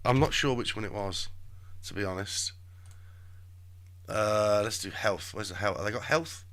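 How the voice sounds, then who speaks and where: A man's voice: lowish voice, normal speed, fairly bright tone. A man hosting a live stream, chatting and muttering to himself in rambling commentary. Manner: chatty, talks to himself while searching.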